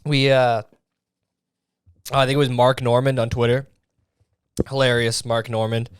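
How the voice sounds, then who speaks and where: A man's voice: medium pitch, flat delivery, unhurried, clean tone, no echo, clean studio sound. A young man hosting a comedy podcast, rambling and swearing with lots of filler words. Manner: rambling, profane, full of fillers. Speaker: podcast host.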